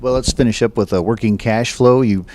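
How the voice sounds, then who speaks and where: A man's voice: mid-range voice, fairly quick, darkish tone. A man from Nebraska hosting a farm radio interview, asking plain, conversational questions. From Nebraska, USA.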